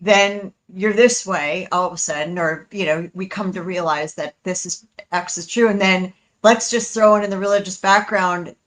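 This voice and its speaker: A woman's voice: fairly low pitch, normal speed, few pauses, a bit bright, poor audio. A woman co-hosting a paranormal talk show, chatty and laughing easily. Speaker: co-host. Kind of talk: casual talk show chat.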